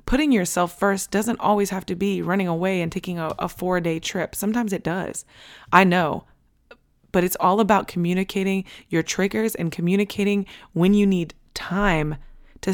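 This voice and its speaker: Blunt, emphatic woman podcast host. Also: lowish voice. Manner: emphatic, blunt, casual with swearing; repeats key points for emphasis. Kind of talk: candid motivational podcast talk.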